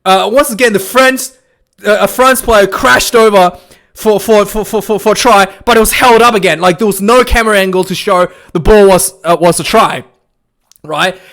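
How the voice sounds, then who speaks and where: A man's voice: sits high, normal speed, a bit bright. A man giving a casual, rambling recap of a rugby match as a fan reviewer, full of restarts and fillers. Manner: rambling, many restarts and fillers, laughs while retelling.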